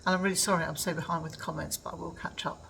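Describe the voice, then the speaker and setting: A woman's voice: low-pitched, steady tone, racing, creaky, fairly bright tone, slight background noise, low-quality recording. Chatty older English woman vlogging. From England. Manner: chatty, rambling with many ums. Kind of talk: casual chat.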